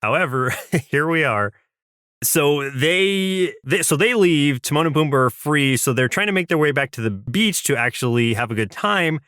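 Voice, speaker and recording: A man's voice: fairly high pitch, animated, moderate pace, pushed and bright, dry recording, clean studio sound. A man co-hosting a cartoon podcast, recapping episodes in a thoughtful, casual way with some restarts. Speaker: podcast co-host. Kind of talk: casual chat about cartoons.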